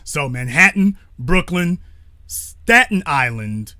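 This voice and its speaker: A man's voice: fairly high pitch, very animated, slow, pushed and bright, no room sound, studio quality. A man hosting a call-in talk show, speaking bluntly with profanity and stopping to correct himself.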